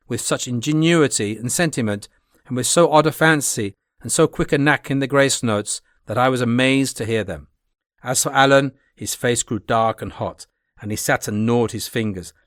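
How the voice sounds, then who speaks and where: A man narrating a classic adventure novel in a steady, plain reading voice. His pitch sits in the middle range. The recording is dry and close, with no audible room. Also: no echo. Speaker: audiobook narrator. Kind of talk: audiobook narration.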